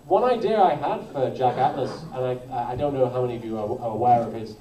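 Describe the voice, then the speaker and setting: A man's voice: medium pitch, fast, mellow. A man on a convention panel chatting casually, rambling and correcting himself as he goes. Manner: rambling, self-correcting, laughs often. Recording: roomy hall from far off, crowd behind.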